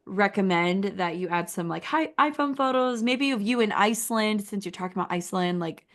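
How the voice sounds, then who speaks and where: A woman's voice: mid-range voice, a little fast. Chatty woman giving website feedback. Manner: chatty, encouraging, uses "like" a lot. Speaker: website critique host. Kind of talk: casual screen-share critique.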